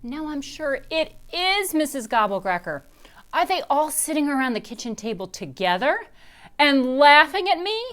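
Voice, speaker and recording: Woman reader, children's chapter book, very lively pitch, animated storytelling. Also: moderate pace. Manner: expressive, animated. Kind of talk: reading a children's book aloud.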